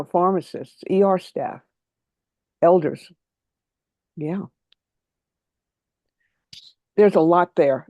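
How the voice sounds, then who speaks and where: A trainer giving an online workshop, talking quickly and keeping the audience involved by asking them for answers. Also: medium pitch, no room sound, lo-fi sound. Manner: lively, quick and engaging, invites answers from the audience.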